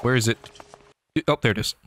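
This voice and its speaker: A man giving excitable, joking commentary over his gameplay, often talking back to enemies on screen. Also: medium pitch, brisk, slight background noise. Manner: excitable, jokey, talks to enemies. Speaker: gaming YouTuber. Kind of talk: game commentary.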